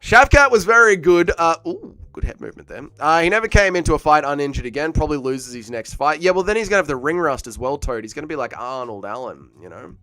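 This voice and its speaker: A man's voice: a little high, sharp tone, no room sound, clean studio sound. A man, hosting a casual fight watch-along stream and joking crudely as he reads chat aloud. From Australia. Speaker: livestream host.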